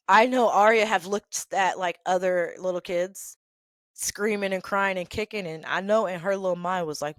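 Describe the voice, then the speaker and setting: A woman's voice: mid-range voice, a little slow, dry recording. A woman telling work stories in a sassy, emphatic, casual way, often laughing and checking in with "okay?". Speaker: storytelling vlogger. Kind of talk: animated casual storytelling.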